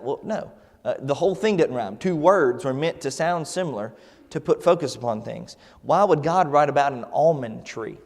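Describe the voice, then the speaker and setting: A man's voice: medium pitch, a little mellow, big-room sound. A man teaching a Sunday Bible class in a casual, conversational way, with many fillers and restarts. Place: church classroom.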